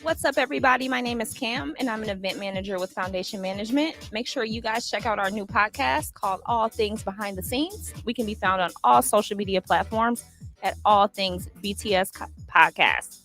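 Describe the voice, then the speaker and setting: A woman event manager with a bright, forceful voice and a friendly, direct way of speaking. She gives a casual promo read for the team's podcast. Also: mid-range voice, fairly quick, faint music behind.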